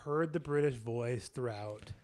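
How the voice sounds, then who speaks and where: A man hosting a podcast, talking through a film in a halting, self-correcting way. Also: mid-range voice, darkish tone, a little hiss or hum. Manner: halting, restarts and hedges. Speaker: podcast host and editor. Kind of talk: casual film discussion.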